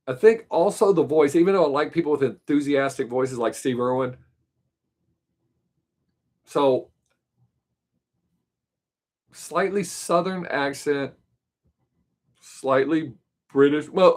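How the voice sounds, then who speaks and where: A man hosting a live stream, chatting casually through viewer questions and thinking aloud as he goes off on tangents. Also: mid-range voice. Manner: rambling, thinks aloud, trails off.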